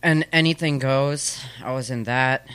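Man, 30s, smooth voice, loose self-deprecating rambling talk, dry studio mic. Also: mid-range voice, a little slow, a bit bright, no echo. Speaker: guest, comedic performer. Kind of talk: casual conversational interview. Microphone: studio microphone.

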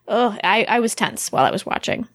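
A woman co-hosting a podcast in casual chat, animated and laughing often as she talks. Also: mid-range voice, brisk, no echo, clean studio sound. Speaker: podcast co-host.

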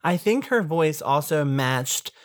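A woman co-hosting a podcast, reviewing an audiobook in a measured casual chat with sassy asides. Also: low voice, expressive, no room sound.

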